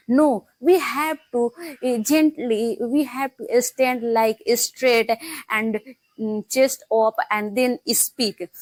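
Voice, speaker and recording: A young woman talks through her practice with many pauses and restarts. Her voice sits somewhat high. The sound is close and dry, with no room around it. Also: no room sound. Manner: halting, many fillers and restarts. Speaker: English learning vlogger. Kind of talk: casual talk to camera.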